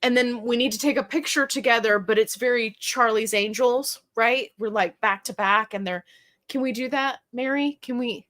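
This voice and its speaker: A woman's voice: on the high side, normal speed, a bit bright. A middle-aged woman hosting a casual livestream, chatty and jokey as she reads viewer comments aloud. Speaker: livestream host.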